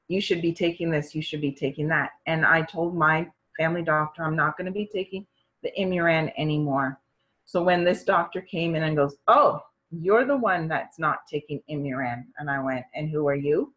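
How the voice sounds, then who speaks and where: A woman's voice: lowish voice, slightly rough, lo-fi sound. A middle-aged woman telling her own health story in a conversational way, acting out the voices of the people in it. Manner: animated, acts out quoted voices of doctors and parents. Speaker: storyteller sharing her experience.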